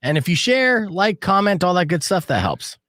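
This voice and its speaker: A middle-aged male radio host with a fairly high voice that swings widely up and down as he tells a story. He jokes his way through casual banter with dry punchlines. The studio mic sounds close and completely dry. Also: sing-song, normal speed, fairly bright tone, dry recording. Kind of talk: casual morning-show banter.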